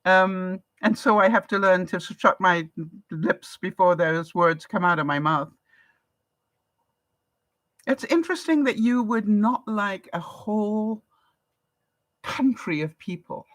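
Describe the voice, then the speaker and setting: A woman's voice: medium pitch, expressive, slow, long pauses, dry recording. Chatty English woman, dry close sound. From England. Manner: chatty, laughs often, reads viewer comments aloud. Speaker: vlogger. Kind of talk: casual live-stream chat.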